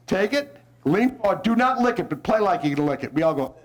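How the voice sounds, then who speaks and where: Animated male poet leading audience. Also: high-pitched, brisk, some chatter behind. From New Orleans, United States. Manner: theatrical, animated, cues lines for the audience to repeat. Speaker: visiting poet leading children and adults. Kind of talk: call-and-response poetry performance. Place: school hall with a live audience. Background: faint audience voices repeating lines.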